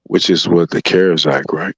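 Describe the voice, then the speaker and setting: Man, very low voice, rambling casual talk, dull dry recording. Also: fairly even intonation, measured pace, slightly rough, no echo. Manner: rambling, repeats "you know what I'm saying". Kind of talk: casual chat.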